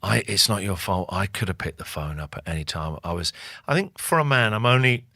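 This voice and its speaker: A middle-aged man with a bright, slightly low voice, recorded close and dry. He talks candidly and reflectively as an interview guest, slipping into animated voices when he tells a story. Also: fairly quick, no room sound. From England. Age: 40s.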